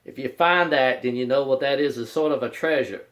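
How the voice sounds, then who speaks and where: A man's voice: mid-range voice, a little fast, a bit bright. A man hosting his own video channel, giving a rambling, repetitive announcement and often speaking of himself in the third person. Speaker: YouTube channel host. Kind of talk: casual vlog announcement.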